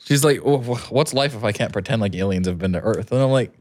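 A man's voice: lowish voice, fast talker. A man co-hosting a casual podcast, telling stories and acting out what other people said. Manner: animated, plays out other people's lines in quotes. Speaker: podcast co-host. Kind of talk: casual chat.

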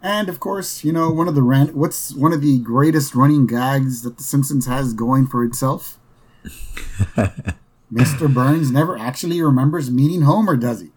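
A man's voice: medium pitch, moderate pace, darkish tone, husky. A man hosting a podcast, casually recapping a cartoon episode in a rambling way, with lots of fillers and "right?" asides. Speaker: podcast host.

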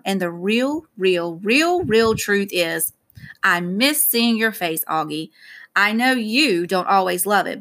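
A woman reading an audiobook gives voice to a gentle middle-aged father who talks softly and earnestly to his son. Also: mid-range voice. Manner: soft-spoken, teasing, earnest. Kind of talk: audiobook character voice.

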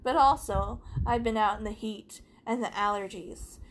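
A woman's voice: mid-range voice, moderate pace, background noise. A young woman hosting a podcast in casual chat, giggly and joking with casual swearing, her throat sore. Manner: giggly, swearing, jokey storyteller. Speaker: podcast host.

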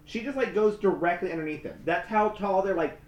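A man's voice: high voice, fairly quick, roomy sound. A man in his twenties co-hosting a casual podcast, rambling and laughing often as he tells stories. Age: 20s. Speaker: podcast co-host. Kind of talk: casual chat with ad reads.

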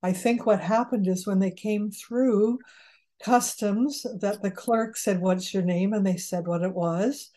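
An older woman, a genealogist, answering interview questions in a relaxed conversational way and chuckling at her own jokes. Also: mid-range voice, measured pace. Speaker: genealogist guest.

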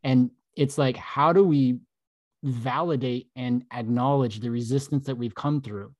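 A man's voice: mid-range voice, a little slow, darkish tone, no room sound. A man co-hosting a casual podcast as a mindset coach, talking in a laid-back, reflective way with lots of "like" and "man.".

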